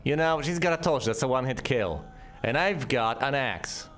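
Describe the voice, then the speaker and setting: A man's voice: medium pitch, lively intonation, normal speed, a bit bright, a little hiss or hum. A man giving sarcastic gameplay commentary and talking back to the enemies on screen. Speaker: let's play host.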